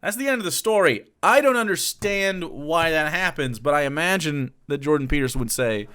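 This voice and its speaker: A man's voice: fairly high pitch, animated, a little fast, fairly bright tone, clean tone. Rambling, profane male streamer. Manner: rambling, profane, laughs often. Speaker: streamer reacting to a clip. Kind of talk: casual livestream storytelling.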